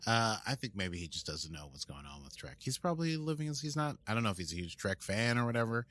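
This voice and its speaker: American man, podcast co-host, casual banter, jokey, animated pitch, bright tone. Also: fast. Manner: playful and jokey, slips into silly voices. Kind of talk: casual chat.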